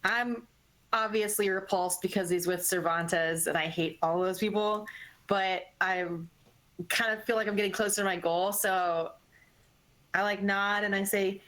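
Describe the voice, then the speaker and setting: A woman's voice: medium pitch, steady tone, unhurried, fairly bright tone, poor audio. Casual woman playing a tabletop game. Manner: casual, hesitant, filler-heavy. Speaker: player. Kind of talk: tabletop role-play.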